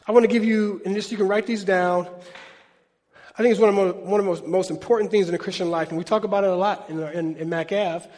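High-voiced preacher in a reverberant hall. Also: male voice, fast. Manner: lively conversational preaching, asks the crowd questions. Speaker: pastor. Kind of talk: sermon. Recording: long reverb of a large hall.

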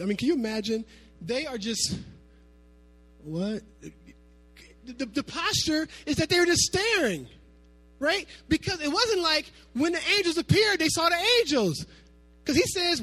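A man with a very high voice preaches a sermon, talking to the room like friends. He moves between hushed asides and loud, emphatic bursts, with faint music playing underneath. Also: measured pace, pauses often. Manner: animated, swinging from soft asides to shouting. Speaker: pastor.

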